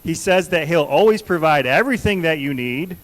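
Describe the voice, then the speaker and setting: A man's voice: a little high, animated, a little fast, rough recording. A man preaching a conversational sermon in a church, earnestly repeating questions to the congregation. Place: church sanctuary.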